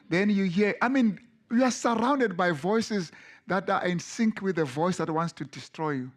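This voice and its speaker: A man with a somewhat high voice delivering a sermon. He speaks earnestly and with emphasis, often stumbling and restarting his words as he presses a point. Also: normal speed. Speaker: preacher.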